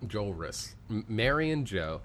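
A man's voice: fairly low pitch, big pitch swings, unhurried, a bit bright. A man co-hosting a casual chat, recapping a story in a jokey, rambling way. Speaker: podcast co-host.

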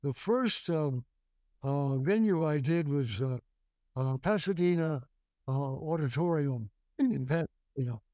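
Older male guest actor; rambling storyteller, warm dark timbre, close dry mic. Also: fairly high pitch, animated, a little slow, no room sound. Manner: rambling, many restarts and fillers. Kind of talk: storytelling interview.

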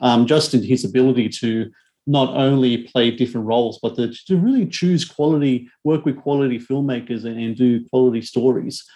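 A man's voice: medium pitch, fairly quick, mellow. A man co-hosting a casual chat about horror films, rambling with many ums and restarts. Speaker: podcast co-host, horror film reviewer.

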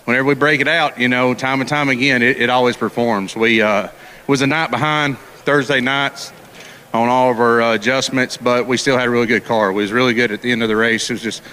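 A man's voice: medium pitch, steady tone, bright, forceful tone. Breathless race driver thanking his crew. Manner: halting, many restarts and thank-yous. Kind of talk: post-race victory interview. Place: outdoor racetrack.

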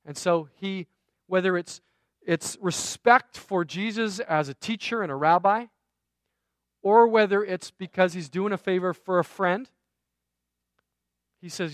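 A man's voice: high voice, takes it slowly, long pauses, no room sound. A man preaching a sermon, telling a story in a conversational way with self-deprecating asides. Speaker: pastor.

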